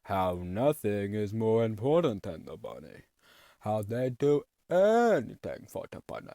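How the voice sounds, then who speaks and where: A man voicing a pompous, greedy male vegetable factory boss with a grandiose, slow and loud delivery. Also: lowish voice, wildly swooping pitch, vocal fry, dry recording, clean studio sound, full character voice.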